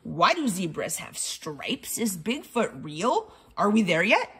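A woman voicing a chatty, excitable female bird who never stops talking, in a high bubbly voice for a storybook. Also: takes it slowly, a little hiss or hum, heavily acted.

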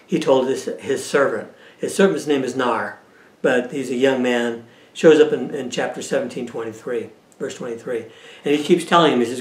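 A man's voice: medium pitch, normal speed. A man teaching a Bible study lesson in a conversational way, often checking in with his listeners. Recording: echoey room.

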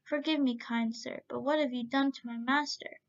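A woman voicing a loyal, flattering male watch goose who pleads with his master. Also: high-pitched, normal speed. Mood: pleading. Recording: dull lo-fi recording.

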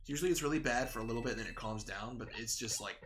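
A young man chatting loosely while he plays a game, drifting from thought to thought in a relaxed, sleepy way. His voice sits at an ordinary middle pitch. Soft game music plays faintly behind him. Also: racing. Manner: rambling, relaxed, yawning, talks to himself while playing. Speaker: gaming video creator. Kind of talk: casual gameplay commentary. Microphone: desk microphone at home.

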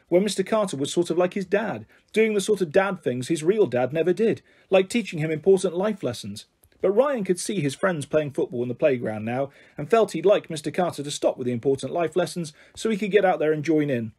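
A man narrating a children's storybook aloud with an expressive delivery. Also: on the high side, slightly rough. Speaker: audiobook reader.

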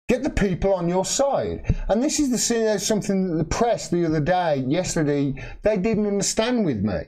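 Angry man ranting, pitch swinging wildly. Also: dark tone. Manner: angry, profane, heated and emphatic. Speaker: political video commentator. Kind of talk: livestream rant.

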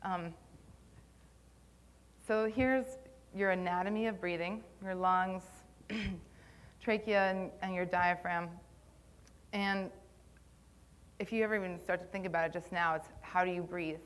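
A woman's voice: on the low side, steady tone, unhurried, long pauses. A young woman giving a live conference talk on posture, conversational and a little nervous, with plenty of ums. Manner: conversational, filler-heavy, slightly nervous. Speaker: conference speaker on posture and Pilates. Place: conference room.

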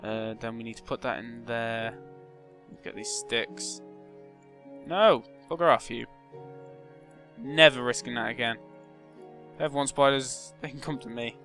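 A young man giving casual gameplay commentary, muttering to himself and breaking into loud, excitable shouts. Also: mid-range voice, unhurried, pauses often, faint music behind. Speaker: gaming channel host.

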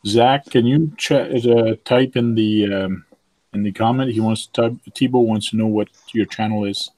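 A man's voice: on the low side, fairly even intonation, normal speed, darkish tone, no room sound, low-quality recording. A man whose first language is French, hosting a casual live stream and reading viewer comments aloud with many fillers. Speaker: livestream host.

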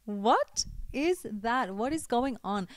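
A young woman talking to camera in a chatty, expressive way, giving faith-based advice with teasing asides to her viewers. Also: fairly high pitch, slow pace, no echo. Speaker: vlogger.

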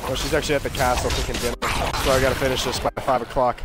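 A man's voice: mid-range voice, level tone, very fast, over loud music. A man doing casual gameplay commentary, joking, swearing and talking to his audience as he plays. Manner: crude, joking, swears often. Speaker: gaming streamer.

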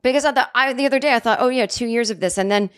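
A woman's voice: a little high, rapid-fire, clean tone. Rambling, sarcastic woman podcast host. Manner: rambling, sarcastic, self-interrupting, with many restarts; lively, jumping up for mock quotes. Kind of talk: casual comedic monologue.

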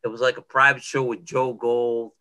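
Bright-voiced older man telling stories. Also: medium pitch, moderate pace, rough recording. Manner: animated, emphatic, repeats himself for effect. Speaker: guest, retired bodybuilder. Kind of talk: casual interview storytelling. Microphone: podcast microphone.

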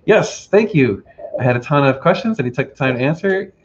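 A man's voice: fairly high pitch, brisk, a little hiss or hum. Guy in his 30s chatting on a livestream, rambly, kinda dull lo-fi sound. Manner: relaxed, rambling with many fillers. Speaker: host. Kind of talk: casual livestream chat. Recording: slightly dull lo-fi audio.

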